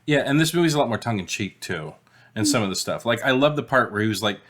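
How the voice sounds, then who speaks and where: A man co-hosting a casual movie podcast, talking in an animated way, swearing often and slipping into quick impressions of movie lines. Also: mid-range voice. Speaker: podcast co-host; father of a young child.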